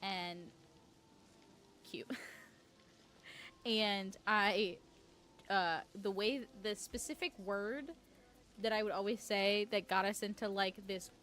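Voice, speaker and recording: A woman's voice: medium pitch, fairly even intonation, slow pace, pauses often, a bit bright, slight background noise. A woman from New York chatting casually with her audience while playing a game live, rambling and peppering her talk with "like". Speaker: streamer.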